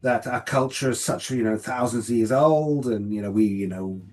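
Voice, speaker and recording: A man's voice: mid-range voice, normal speed, a little mellow, soft background music. A man with a London accent, a guest talking casually over a video call, hesitant and full of filler words. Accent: London English. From London, England. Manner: hesitant, many fillers and restarts. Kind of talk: casual interview chat.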